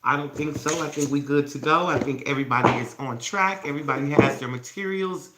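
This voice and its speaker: The host of a self-love challenge, a woman whose voice sits low and brisk, streams a casual morning session on her phone. Playful and fond, she calls her viewers babies, surrounded by candles indoors, in an echoey recording with faint background noise.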